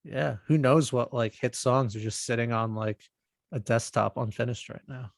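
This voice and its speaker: A man's voice: mid-range voice, fairly even intonation, normal speed, gravelly, dry recording. Upbeat guy cohosting a podcast, jokes about himself, dry close mic. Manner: upbeat, self-joking. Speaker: podcast co-host. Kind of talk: casual chat.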